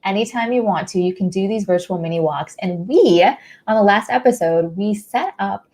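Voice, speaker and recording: A woman's voice: mid-range voice, animated, moderate pace, darkish tone. A young woman hosting a charity livestream, talking in a gushing, effusive and emotional way. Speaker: livestream host. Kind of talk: casual livestream chat.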